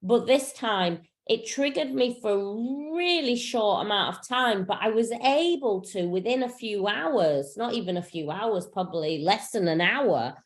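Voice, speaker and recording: A woman's voice: mid-range voice, lively intonation, unhurried, few pauses. A woman spiritual coach teaching in a casual, frank way, full of fillers and the odd swear word, over a video call. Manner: frank and chatty, swears freely, many fillers.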